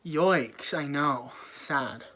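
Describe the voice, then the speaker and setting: A man's voice: a little high, extremely slow, bright, forceful tone. A man casually retelling an old story in a jokey, slang-filled way with offhand asides.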